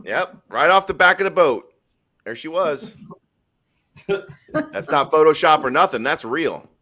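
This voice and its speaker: A man's voice: fairly high pitch, lively intonation, measured pace, sharp tone. A man hosting a live stream in casual chat, rambling through stories in a blunt, profane way.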